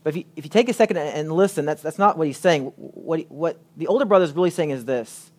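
A man preaching a sermon, reading scripture aloud and stressing points with emphatic pauses. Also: on the high side, darkish tone.

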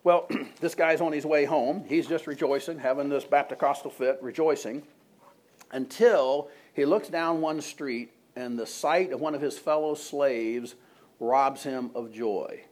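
A man's voice: mid-range voice, measured pace. A male pastor preaching a sermon to a congregation, retelling a story in a conversational way and asking the room questions.

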